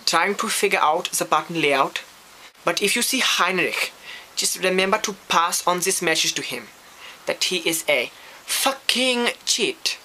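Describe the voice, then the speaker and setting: A man's voice: high-pitched, lively intonation, measured pace, sharp tone, slight background noise, full character voice. A man voicing a curt, formal German man with a German accent.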